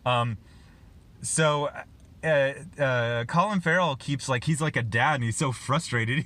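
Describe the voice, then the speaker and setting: A man reviews a film casually on his own channel, speaking in a fairly bright, mid-range voice at a measured pace. He rambles, using lots of fillers and restarts, and chuckles as he goes.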